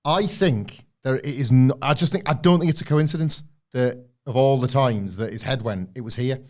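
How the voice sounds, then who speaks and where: A young man co-hosting a casual wrestling review podcast. He talks in an animated way and acts out wrestlers' lines in put-on voices. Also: mid-range voice, moderate pace. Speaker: podcast co-host.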